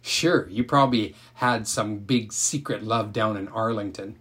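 A man's voice: lowish voice, steady tone, unhurried, fairly bright tone, husky. A man reading aloud and voicing a shy, eager young schoolboy who speaks plainly and doubtfully.

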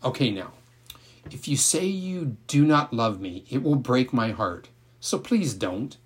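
A man reading aloud and voicing a bright, bossy schoolgirl who loves to scheme, with slow teasing emphasis. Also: medium pitch, sing-song. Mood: scheming.

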